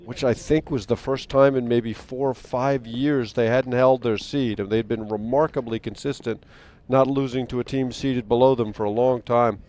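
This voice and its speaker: A man doing sports commentary, recounting a team's recent results in a measured way. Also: mid-range voice, steady tone, darkish tone. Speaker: play-by-play commentator.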